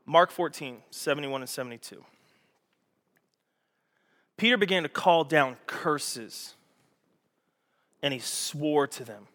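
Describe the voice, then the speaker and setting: A man preaching a sermon to a congregation, animated and storytelling, acting out scenes with raised voices. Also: on the high side, slow pace, long pauses. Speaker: pastor. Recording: echoey hall.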